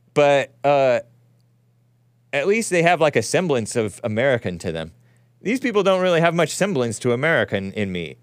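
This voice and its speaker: Chuckling man with a lively, swinging pitch. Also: dry recording, studio quality. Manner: wry, chuckling, rambling reaction to footage. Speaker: host. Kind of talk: casual live-stream commentary.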